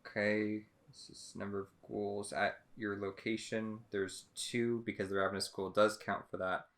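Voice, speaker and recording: A man with a somewhat low voice talks through his turn in a card game. He thinks aloud and works out the numbers step by step. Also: flat delivery, moderate pace, fairly bright tone. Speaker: co-host and player. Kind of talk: casual game planning.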